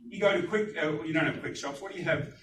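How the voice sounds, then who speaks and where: A man giving a live sales pitch at a business networking meeting, animated and putting questions to the audience. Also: fast talker, slight background noise. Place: meeting room. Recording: echoey room, distant mic.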